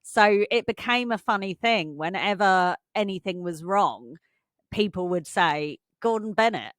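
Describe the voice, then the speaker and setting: A woman's voice: mid-range voice, a little slow, dry recording, studio quality. A woman co-hosting a podcast, chatting casually and laughing often as she tells stories. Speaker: podcast co-host. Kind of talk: casual chat.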